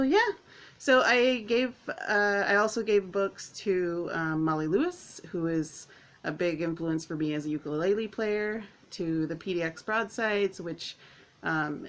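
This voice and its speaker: A woman vlogging to camera at home, chatting casually in a rambling, excitable way with lots of fillers. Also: lowish voice. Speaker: author and vlogger.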